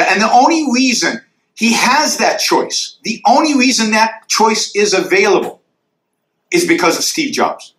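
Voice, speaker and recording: A man's voice: high-pitched, a bit bright, roomy sound, rough recording. A man answering audience questions after a university lecture, arguing emphatically and sketching graphs in the air.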